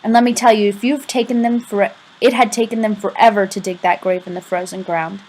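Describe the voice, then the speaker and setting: A woman reads a first-person novel aloud in a confiding, conversational style, dropping casual asides to the listener. Her medium-pitched voice is steady, a little mellow and fairly quick, and the recording is low quality.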